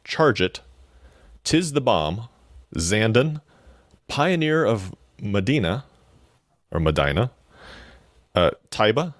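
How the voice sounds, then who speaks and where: A man's voice: mid-range voice, very animated, takes it slowly, pauses often, no room sound. A man co-hosting a money radio show, teasing his partner with dry sarcasm. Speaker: radio co-host. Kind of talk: casual banter.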